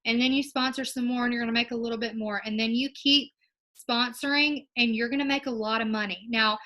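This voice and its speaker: This young woman leads a direct sales team and gives them a casual, upbeat coaching talk, encouraging them and saying "um" a lot. Her voice is on the high side, fairly quick and sharp, with fairly even intonation. The audio quality is poor.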